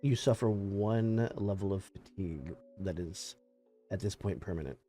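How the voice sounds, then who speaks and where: A man acting as game master, calmly giving rulings in a tabletop game. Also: deep voice, normal speed, faint music behind. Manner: calm, matter-of-fact rulings.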